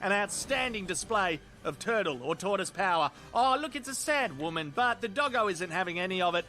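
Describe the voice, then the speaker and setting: Sweary, sarcastic Australian male reviewer, high and bright, comedic voice-over. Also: animated, fairly quick. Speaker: video reviewer.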